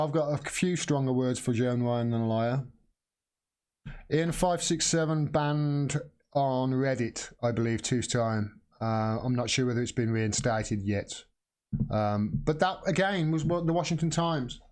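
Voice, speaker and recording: A man's voice: medium pitch, measured pace, a little mellow. A middle-aged man hosting a live political commentary stream, rambling with many restarts and blunt swearing.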